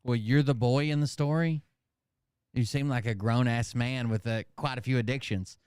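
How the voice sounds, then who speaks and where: A man's voice: mid-range voice, steady tone, normal speed, darkish tone, clear, resonant tone, dry recording, studio quality. A man from the South, giving crude, sarcastic reaction commentary as host. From American South.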